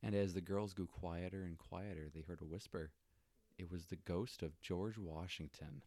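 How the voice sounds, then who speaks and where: A man's voice: sits low, fairly even intonation, normal speed, mellow, no echo. A man co-hosting a podcast in casual chat, laid-back and joking, with frequent "like" fillers. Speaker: podcast co-host.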